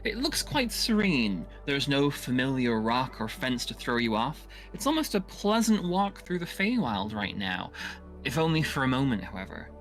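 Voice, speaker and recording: A man's voice: medium pitch, very animated, normal speed, a bit bright, faint music behind. A man narrating a tabletop game as game master, casual and full of fillers. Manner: casual, filler-heavy storytelling.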